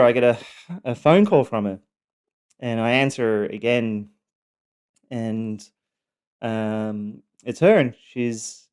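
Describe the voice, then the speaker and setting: A man telling his personal story, speaking haltingly with many pauses and restarts. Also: mid-range voice, darkish tone, smooth.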